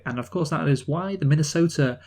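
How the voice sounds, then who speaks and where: A man from the North of England co-hosting a film review podcast, talking enthusiastically and rambling with halting restarts. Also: fairly high pitch, a little mellow. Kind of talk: casual film discussion.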